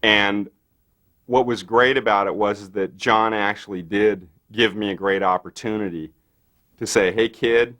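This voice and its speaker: A man's voice: lowish voice, steady tone, normal speed, bright, forceful tone. A man in an interview, telling a long anecdote with many fillers and acting out quotes. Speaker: special effects artist.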